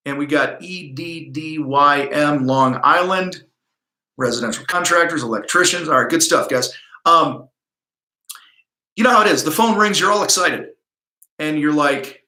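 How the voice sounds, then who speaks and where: A man's voice: a little high, normal speed, pushed and bright, reverberant. A middle-aged man hosting a livestream coaching talk from his office, blunt, profane and pumped-up. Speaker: host. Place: home office.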